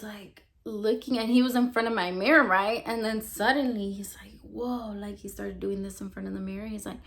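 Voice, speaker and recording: Young woman telling her testimony like she's chatting w friends, lots of "like" and "you know", mid-pitched voice. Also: creaky, a bit bright. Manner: rambling, heavy use of "like" and "you know". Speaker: vlogger sharing a religious testimony. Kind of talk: casual personal testimony.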